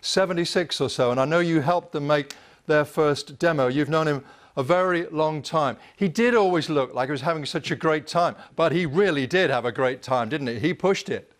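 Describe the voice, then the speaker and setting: Higher-pitched man, formal news presenter. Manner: measured, formal broadcast delivery. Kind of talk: live news interview.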